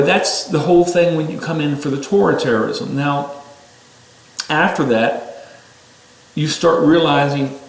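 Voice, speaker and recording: Guy preaching casually, mid pitch, gets high and loud when he exhorts, roomy echo. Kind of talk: informal sermon talk.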